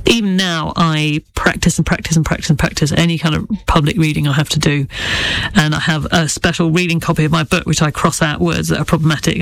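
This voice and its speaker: A middle-aged woman author speaks in a low, creaky voice with no echo. As an interview guest she talks candidly and reflectively, with occasional stammers and restarts.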